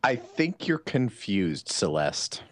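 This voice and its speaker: Man, very deep voice, gaming podcast co-host, deadpan teasing, dry close mic. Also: slow pace, no room sound. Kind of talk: casual podcast chat.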